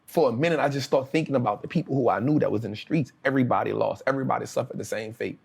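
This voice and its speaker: This New Orleans man, a guest recounting his life in interview storytelling, speaks in casual street slang and livens it up with acted quotes. His mid-range voice races along with vocal fry and a husky edge.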